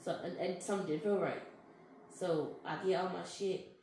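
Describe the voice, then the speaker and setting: A woman's voice: fairly low pitch, moderate pace. A young woman being interviewed, telling her story in casual slang and acting out what people said. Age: young adult. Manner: animated storytelling, slangy, acts out quotes. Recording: echoey, with faint noise.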